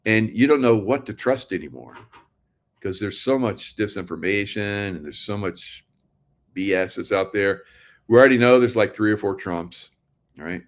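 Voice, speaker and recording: A man's voice: lowish voice, normal speed. Rambling sarcastic man vlogging. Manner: rambling, sarcastic, laughs often, talks to "guys". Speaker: political commentary vlogger. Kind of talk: casual monologue to viewers.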